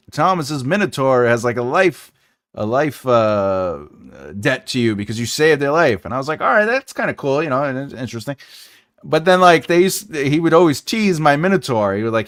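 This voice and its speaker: A man in his forties chatting casually with his audience during a writing stream. His pitch swings around a lot as he talks. He jokes often, laughs easily and wanders off into rambling asides. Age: 40s. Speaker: writing channel host. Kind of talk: casual livestream chat.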